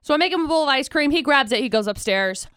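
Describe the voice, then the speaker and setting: Young woman, radio co-host, high voice, very animated, dry studio sound. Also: fast, no echo. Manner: animated storyteller, laughs while telling. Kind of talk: casual morning radio banter.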